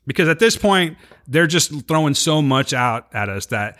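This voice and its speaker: Man, podcast co-host, casual recap, very lively intonation. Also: fairly high pitch, moderate pace. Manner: animated retelling, acts out quotes.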